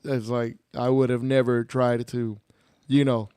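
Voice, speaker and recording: A young adult man from Texas, a podcast guest, casually telling animated stories and slipping in Spanish phrases. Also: medium pitch, unhurried, clear, resonant tone, no echo. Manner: animated, laughing storyteller mixing in Spanish phrases. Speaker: podcast guest, mariachi musician. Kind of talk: casual storytelling chat.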